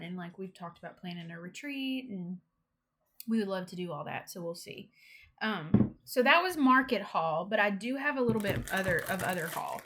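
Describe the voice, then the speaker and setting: A young woman casually chatting through a cross-stitch haul, excitable and gushing, with giggles. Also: mid-range voice, normal speed. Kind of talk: casual show-and-tell haul chat.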